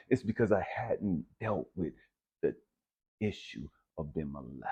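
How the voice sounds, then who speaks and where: A man giving a raw, profane personal testimony, swinging between hushed and loud. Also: very deep voice, expressive, unhurried, breathy edge, highs cut off. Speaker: speaker sharing a personal testimony.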